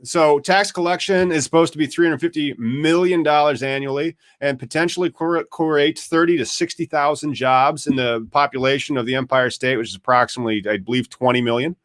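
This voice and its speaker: Dry-sounding chatty podcast host. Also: male voice, on the high side, fairly even intonation, a little fast, few pauses, a bit bright, no echo. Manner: chatty, wry, talks over tech trouble. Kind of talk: casual live podcast commentary.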